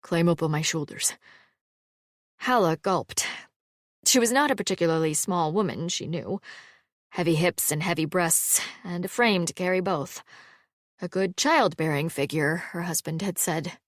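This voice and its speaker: An audiobook narrator, a woman, delivers scripted narration in a level, measured storytelling manner. Her pitch leans low, and the recording is dry with studio quality.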